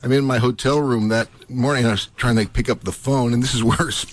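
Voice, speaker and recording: A middle-aged actor being interviewed on the radio, telling animated stories full of laughter and acted-out quotes. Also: male voice, mid-range voice, fast talker. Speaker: guest actor.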